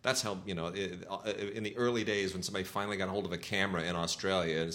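A man's voice: deep voice, steady tone, very fast, hardly any pauses, a bit bright. A middle-aged man co-hosting a casual talk show, enthusiastic and sarcastic, with lots of fillers and restarts. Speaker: podcast co-host reviewing home video releases. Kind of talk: casual chat.

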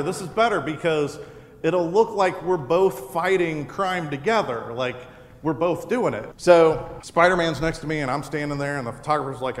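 A man's voice: on the high side, normal speed. A man hosting a live show, telling a funny personal story to an audience with laughter in his voice. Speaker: podcast host. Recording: echoey hall with a live audience.

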